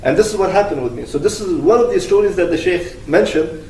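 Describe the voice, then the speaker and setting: A man earnestly retelling a religious cautionary story in a halting, searching way. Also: high-pitched, animated, darkish tone, a little hiss or hum. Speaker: religious speaker. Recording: echoey room, distant mic.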